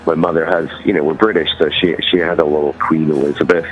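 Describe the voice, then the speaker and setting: Speaking fast in a very deep voice with little pitch movement, this man has a Californian accent and rambles through a loose, casual interview as a musician guest, full of fillers. The audio sounds dull.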